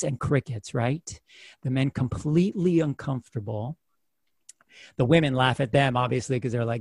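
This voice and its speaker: Animated male storyteller, dry close sound. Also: mid-range voice, brisk, no echo. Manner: animated storyteller who acts out voices. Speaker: guest. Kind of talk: reflective personal storytelling.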